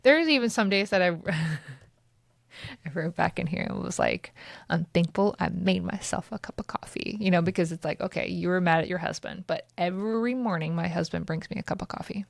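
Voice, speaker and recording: A woman's voice: on the low side, expressive, fairly quick, vocal fry, no room sound, studio quality. A woman in her thirties hosting her own podcast, talking casually and candidly, swearing and laughing now and then. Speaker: podcast host. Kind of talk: casual solo podcast talk.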